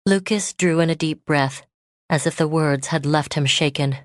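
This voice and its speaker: A woman narrating a romance novel audiobook in a steady, measured reading. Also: deep voice, dry recording, studio quality. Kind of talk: scripted narration.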